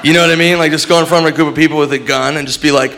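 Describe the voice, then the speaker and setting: A man doing stand-up, casual and offhand, telling dark jokes and swearing. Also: a little high, steady tone, very fast, creaky. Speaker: stand-up comedian. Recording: comedy club with noisy crowd.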